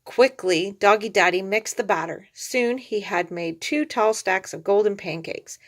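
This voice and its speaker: A woman hosting a video, reading a storybook aloud with chatty relaxed asides. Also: mid-range voice, a little slow. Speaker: reborn doll collector and video host. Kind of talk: storybook read-aloud with hand puppets.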